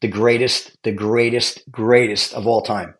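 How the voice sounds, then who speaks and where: A man, a retired fire lieutenant telling stories in casual chat, animated and swearing freely. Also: mid-range voice, measured pace. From Brooklyn, New York. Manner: animated, swearing, acts out quotes.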